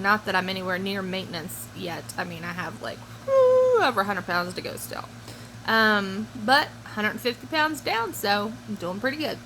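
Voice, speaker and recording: A woman's voice: mid-range voice, a bit bright, slight background noise, low-quality recording. Rambling middle-aged woman vlogging at home. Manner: rambling, many fillers and restarts. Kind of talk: casual chat to camera. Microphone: phone or camera close by.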